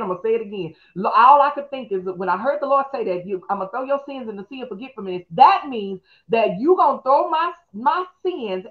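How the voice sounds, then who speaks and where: A middle-aged woman pastor, teaching fast in a live-streamed talk and calling on her listeners to respond. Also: a little high, muffled recording. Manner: fast, call-and-response, preacherly.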